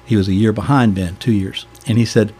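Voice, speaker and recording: A man's voice: on the low side, steady tone, fairly quick, warm tone, husky. An older man with a Southern American accent, a deacon telling stories in a folksy, chuckling way during a podcast interview.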